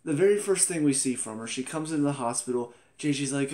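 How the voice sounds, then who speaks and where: A young man talking casually in a TV episode review vlog. He is animated, laughs often and exclaims in disbelief. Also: mid-range voice, quick pace, hardly any pauses.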